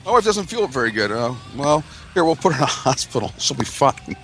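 Bright, joking man in casual chat. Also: mid-range voice, sing-song, a little fast, slight background noise. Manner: joking, profane.

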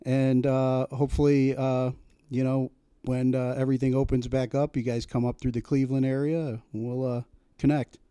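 A man hosting a radio show, interviewing a guest in an easygoing, halting way with many fillers. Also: medium pitch, flat delivery, dark tone, smooth, no echo. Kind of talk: casual interview chat.

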